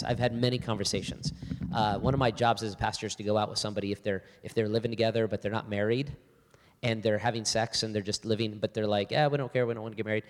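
A man's voice: mid-range voice, in a large hall. A male pastor giving a church talk, telling a story animatedly and acting out both sides of a conversation before a live audience.

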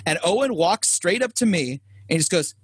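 Higher-voiced man, rambling, dry sound. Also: animated, brisk, breathy edge, no echo. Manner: rambling, hesitant, laughs at own stories. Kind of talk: casual storytelling chat.

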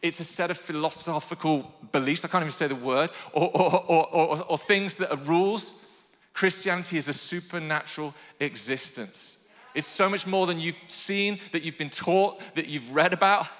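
A male pastor preaching with a high, bright voice. His delivery swings between quiet reflection and loud, fervent calls to the congregation, all carried on the long reverb of a church hall. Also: normal speed. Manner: passionate preaching, rising to shouted calls to the online congregation. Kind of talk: sermon.

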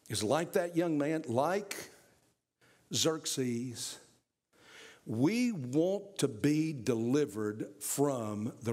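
A man's voice: medium pitch, animated, very slow, a little mellow, husky. Emphatic man preaching a sermon. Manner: emphatic, repetitive, addresses the congregation directly.

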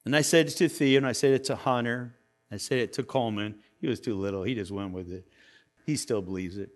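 A man preaching a sermon, retelling a scripture story in a casual, animated way and often repeating words. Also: medium pitch, fairly quick. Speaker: pastor.

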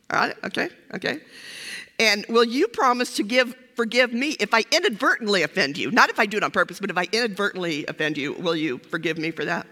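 With a mid-range voice that sounds pushed and bright, an older woman, formerly a pastor, guest-preaches a humorous sermon. The chatty, self-deprecating talk is heavy with fillers, and the church sanctuary adds hall reverb.

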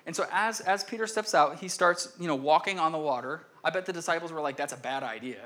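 A man's voice: a little high, fast talker, sharp tone. A young man giving a casual, conversational sermon, often acting out voices in the story and restarting his sentences. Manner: conversational, acts out quoted voices, frequent restarts. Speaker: pastor.

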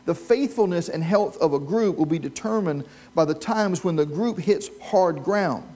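Here a pastor with a mellow, slightly high voice preaches at a normal speed. He tells stories during the sermon and asks questions of the live congregation in church.

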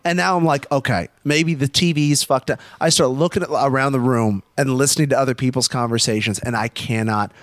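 A young man telling a story in casual chat, animated, swearing often and acting out quotes. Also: medium pitch, fairly quick, few pauses, dry recording, studio quality.

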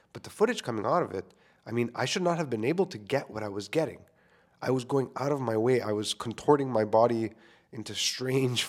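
A man's voice: medium pitch, darkish tone. A young man, a filmmaker, talking casually into a microphone to his listeners, candid and self-deprecating, swearing freely. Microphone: studio microphone.

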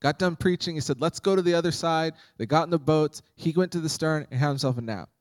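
A man's voice: on the high side, fast talker, a little mellow, no room sound. A man preaching a sermon as pastor, conversational and humorous, acting out Bible scenes.

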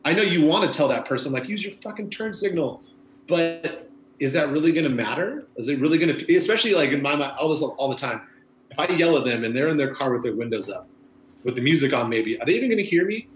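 A man's voice: on the high side, lively intonation, fast talker, reverberant, a little hiss or hum, poor audio. A man, a former bike messenger, chatting casually and rambling with lots of fillers. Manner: rambling, laid-back, many fillers like "you know". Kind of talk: casual conversation.

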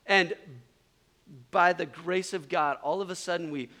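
A middle-aged man speaking at a retreat, telling an animated story in a sermon and acting out the voices of the people in it. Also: sits high, unhurried, heavy background noise.

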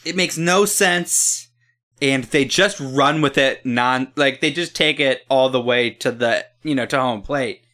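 A man's voice: medium pitch, a little slow, bright, forceful tone. A man in a casual podcast chat, giving laid-back commentary and chuckling often.

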